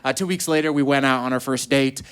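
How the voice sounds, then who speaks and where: A man doing a stand-up comedy set on stage, telling stories animatedly and acting out quotes in high voices. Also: fast talker, fairly bright tone, clear, resonant tone. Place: comedy stage before a live audience.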